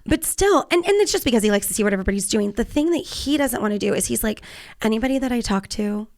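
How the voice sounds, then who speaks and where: A woman's voice: fairly high pitch, expressive, quick pace, a little mellow. A woman in her forties with a Californian accent, hosting a podcast in casual chat, talkative, laughing often and swearing offhandedly. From Southern California. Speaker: podcast host.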